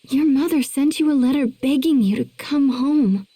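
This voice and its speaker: Woman voicing a soft, high young heroine. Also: normal speed, no echo, lightly acted. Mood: tender. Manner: soft, hesitant and breathy. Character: gentle young woman, childhood friend. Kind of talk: game cutscene dub.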